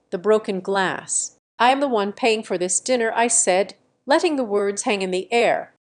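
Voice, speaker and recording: A woman reading a first-person revenge story aloud in a measured, deliberate scripted narration. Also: medium pitch.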